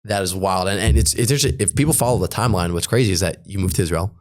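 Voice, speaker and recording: A man with a very low voice hosts the interview, firing off questions at a brisk clip. He keeps the talk moving with short prompts to his guest. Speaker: podcast host. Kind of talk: conversational interviewing.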